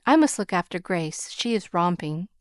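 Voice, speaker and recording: A woman's voice: lowish voice, lively intonation, moderate pace, clear, resonant tone, no echo, studio quality, natural voice. A woman voicing a haughty young English lady who speaks in a patronizing, condescending way. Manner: patronizing, cool.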